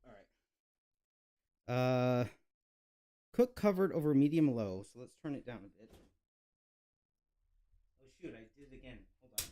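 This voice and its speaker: This cooking channel host is a young man whose laid-back vlog chatter wanders, packed with fillers and jokes at his own expense. He speaks in a mid-range voice with lively intonation and a dark tone, taking his time and pausing often.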